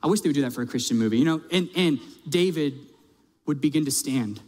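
A man's voice: on the high side, fast talker, darkish tone. A male pastor preaching a sermon in a conversational, emphatic way, asking his audience direct questions. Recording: long reverb of a large hall.

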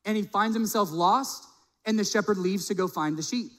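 A middle-aged male pastor telling a personal story in a sermon, animated, acting out the people he quotes. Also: high voice, moderate pace. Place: church sanctuary. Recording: long reverb of a large hall.

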